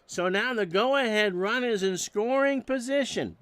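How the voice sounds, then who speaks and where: A man with a high voice calls baseball play-by-play at an unhurried pace, reading stats and slipping in dry jokes, then getting loud when a big play comes. The close mic gives a dry sound. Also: smooth, no room sound. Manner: dry joking asides between stats, erupts on big plays. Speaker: play-by-play announcer. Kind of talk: solo baseball play-by-play of a simulated replay.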